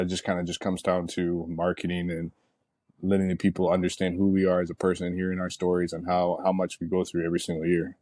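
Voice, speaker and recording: Deep, mellow-voiced man talking casually. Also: no room sound, clean studio sound. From United States. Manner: relaxed, rambling storytelling with many fillers. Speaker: Olympic sprinter guest. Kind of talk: casual interview talk.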